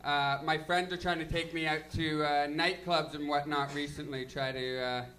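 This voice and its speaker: Young stand-up guy, high and bright, rambling self-deprecating delivery on a stage mic. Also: fairly even intonation, moderate pace. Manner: self-deprecating, loose, filler-heavy delivery. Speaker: stand-up comedian. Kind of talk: stand-up comedy set. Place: comedy lounge stage.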